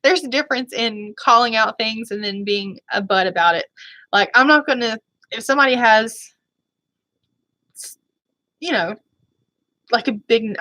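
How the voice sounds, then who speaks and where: Chatty, apologetic woman vlogger, bright voice. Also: on the high side, no echo. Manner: chatty, rambling, often apologetic. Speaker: beauty vlogger. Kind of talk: casual chat.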